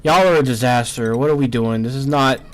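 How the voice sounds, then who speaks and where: A man with a mid-range voice and a drawl narrates his game live into a desk microphone. He swears freely and repeats "no" in rapid streaks as his colony falls apart. His delivery swings between pleading and fed-up grumbling. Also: mid-range voice. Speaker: gameplay streamer. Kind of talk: live gameplay commentary.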